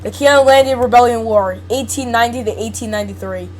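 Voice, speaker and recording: A woman's voice: a little high, quick pace, noisy background. A young woman hosting a casual video, reading a wiki article aloud and reacting to it playfully, often giggling and tripping over her words.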